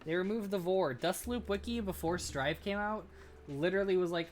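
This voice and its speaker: A woman's voice: lowish voice, moderate pace, a little hiss or hum. Swearing, ranting woman streamer. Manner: profane, ranting, jumps from outbursts to muttering. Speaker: livestreamer. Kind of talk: casual livestream chat while building a model kit. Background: background music.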